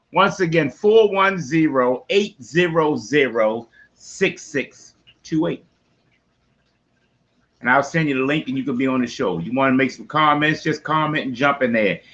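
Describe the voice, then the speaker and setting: A man with a Baltimore accent hosts a casual sports podcast from his home man cave. His voice is bright, forceful and a bit high for a man, and he talks in loud, slangy, folksy bursts. The sound is a little dull and lo-fi. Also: moderate pace. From West Baltimore. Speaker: podcast host.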